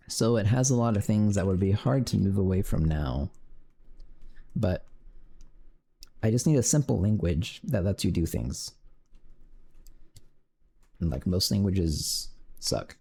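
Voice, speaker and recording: Man live-coding on stream, dark mellow voice, lively pitch, mutters and curses at bugs. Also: takes it slowly, long pauses, slightly rough. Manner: mutters while coding, swears when frustrated. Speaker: game developer streaming his work. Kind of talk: casual live-coding commentary.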